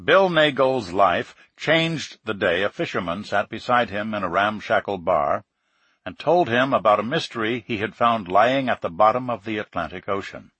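A man narrating an audiobook chapter in a calm, unhurried reading. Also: fairly low pitch, breathy edge, no room sound.

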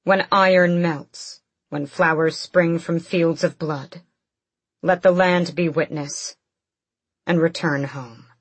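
A woman reading a young witch in a cold, tight voice, low and husky, in an audiobook. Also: steady tone, measured pace, no room sound. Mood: grim.

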